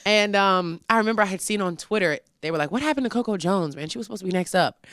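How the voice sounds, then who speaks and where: A woman's voice: medium pitch, fast, no room sound. A young woman in a casual interview, telling her story with life and acting out what she and others said. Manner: animated storytelling, acts out her own quotes. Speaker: interview guest, singer.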